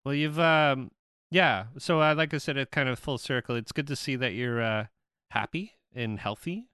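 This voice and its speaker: A man hosting his own podcast, talking in a relaxed, rambling way with many fillers. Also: mid-range voice, normal speed, smooth, no room sound, clean studio sound. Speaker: podcast host. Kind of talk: casual chat.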